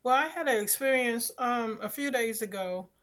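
A woman's voice: fairly high pitch, moderate pace. A woman on a talk show casually telling a personal story, acting out the voices of the people in it. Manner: animated, acts out quoted dialogue.

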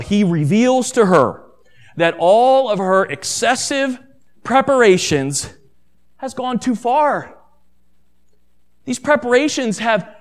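Pastor type, emphatic man preaching, high-pitched, big swings in pitch. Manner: emphatic, repeats phrases, rhetorical questions. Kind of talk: sermon.

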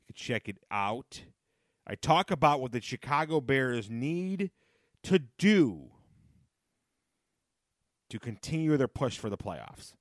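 A man's voice: mid-range voice, big pitch swings, slow pace, long pauses, no room sound, clean studio sound. A man hosting a casual solo podcast, chatty and rambling, often laughing at his own jokes and repeating phrases for emphasis. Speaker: podcast host.

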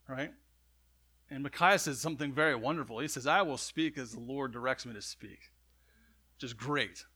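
A man's voice: medium pitch, moderate pace, pauses often, sharp tone, husky. A man preaching a sermon, retelling a scripture story in a conversational way with frequent asides to the congregation. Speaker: pastor.

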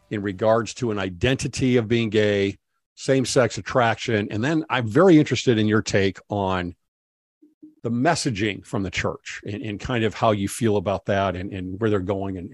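Mid-pitched male host, eager questions, light music underneath. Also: dry recording. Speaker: podcast host. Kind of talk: interview.

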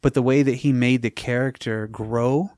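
A man chatting casually about a movie, animated and profane, acting out scenes and laughing often. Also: medium pitch, normal speed, dry recording. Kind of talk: casual chat about a film.

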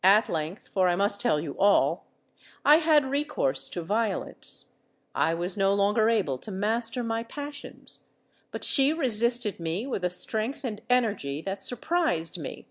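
A woman reading the part of a remorseful aristocratic nobleman in an audiobook, in measured, earnest storytelling. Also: medium pitch, sing-song. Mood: confessing.

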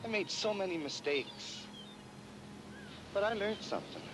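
A man's voice: sits high, animated, a little slow, noisy background. A remorseful young man, pleading. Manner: pleading, apologetic. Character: remorseful young man begging his ex back. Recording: film audio clip with music behind.

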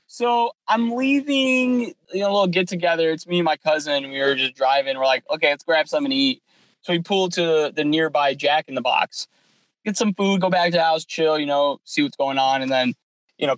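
Higher-voiced guy on a sports podcast, super animated, acts out the convo, dry close sound. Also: no room sound, poor audio. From California. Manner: animated storyteller, acts out dialogue. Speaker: podcast co-host. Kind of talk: casual sports podcast chat.

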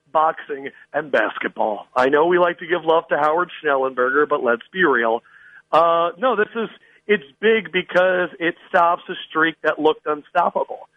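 A male guest with a high voice performs his sports takes as mock drama, his pitch swinging up and down as he goes. The line sounds dull and dry, with no room around it. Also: dry recording. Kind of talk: theatrical comic storytelling on sports radio.

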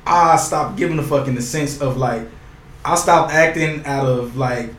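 A man's voice: mid-range voice, moderate pace, fairly bright tone. A man co-hosting a podcast, talking in a slangy, profane, laid-back way. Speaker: podcast co-host. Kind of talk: casual chat. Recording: echoey room.

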